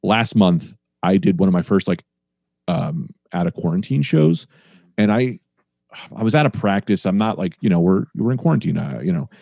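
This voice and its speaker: A man's voice: low-pitched, animated, normal speed, vocal fry, warm tone, no echo. A man who is a comedian guest on a podcast, telling a rambling, profane story about a show in a casual, self-deprecating way.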